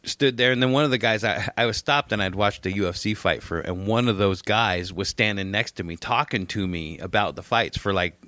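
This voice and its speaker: A man's voice: on the low side, brisk, few pauses, no echo. A man co-hosting a podcast, telling stories casually, swearing often and acting out what others said. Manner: animated storytelling, swearing, mimics others. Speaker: podcast co-host. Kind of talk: casual chat.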